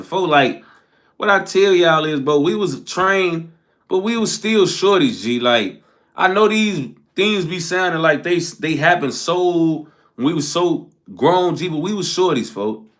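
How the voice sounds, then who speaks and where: A young man telling a story in casual street slang, animated and quick to laugh, tagging his sentences with "folks" and "bro.". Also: on the high side. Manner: animated slang-heavy recounting, frequent "folks" tags. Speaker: storyteller host.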